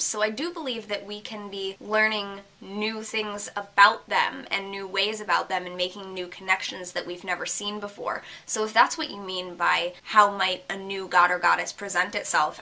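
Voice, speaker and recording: A woman's voice: medium pitch, bright, forceful tone. A young woman with a congested voice from a cold hosts a casual opinion vlog, earnestly thinking aloud as she explains her view. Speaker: vlog host.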